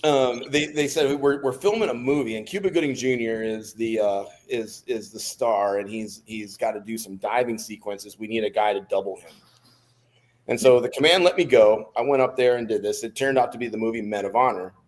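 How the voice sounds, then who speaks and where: A man's voice: on the low side, moderate pace. Laughing storyteller man in his fifties. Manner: animated storyteller who laughs between anecdotes. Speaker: podcast guest, former Navy SEAL. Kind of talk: casual storytelling interview.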